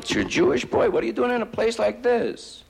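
A man voicing an eager, lonesome older small-town man in a high, pleading voice, on a noisy live recording. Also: sing-song, moderate pace, creaky.

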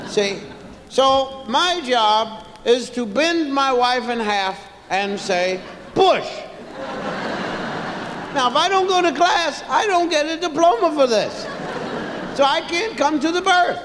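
Male stand-up with a high, lively voice. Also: noisy background. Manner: drawn-out timing, sudden loud chants and shouts. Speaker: stand-up comedian. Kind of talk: stand-up storytelling. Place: large hall with a live audience. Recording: echoey hall, live stage recording.

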